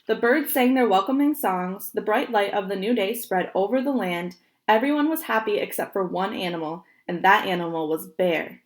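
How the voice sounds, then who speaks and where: A woman's voice: mid-range voice, moderate pace, hardly any pauses. Woman reading a picture book aloud. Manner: gentle, expressive, points at the pictures. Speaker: storybook reader.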